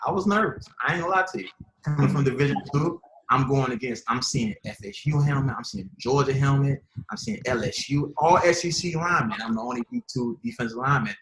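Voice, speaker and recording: A former pro football player and college coach in casual, emphatic conversation with high school athletes. He speaks informally with slang and repeats himself as he tells stories and gives advice. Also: a little fast, background noise. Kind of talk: casual motivational storytelling. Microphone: video call. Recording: echoey room over a video call.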